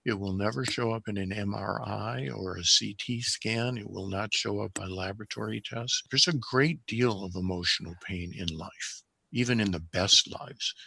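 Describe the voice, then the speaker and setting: An older man, a physician guest on a podcast, telling a case history in a measured, reflective way. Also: on the low side, steady tone, gravelly, bright, forceful tone, slightly rough.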